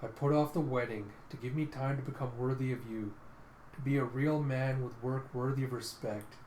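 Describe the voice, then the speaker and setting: A man's voice: medium pitch, fairly even intonation, moderate pace, darkish tone, slight background noise, lightly acted. A man voicing a humble young male archer who speaks in a subdued, earnest way. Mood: remorseful. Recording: echoey room.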